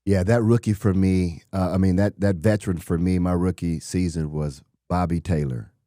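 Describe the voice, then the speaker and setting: A middle-aged former football player telling stories in an interview, animated and acting out quotes from people he met. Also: sits low, moderate pace, no echo, studio quality. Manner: animated storyteller, acts out quotes. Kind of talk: conversational interview storytelling.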